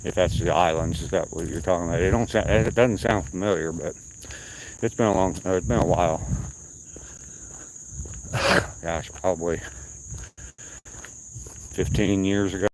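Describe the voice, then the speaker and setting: A man's voice: low voice, moderate pace, long pauses, slight background noise, rough recording. An older man with a slight Southern accent, chatting casually with viewers on a live stream while out on a walk, rambling from topic to topic. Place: outdoors at night on a walk.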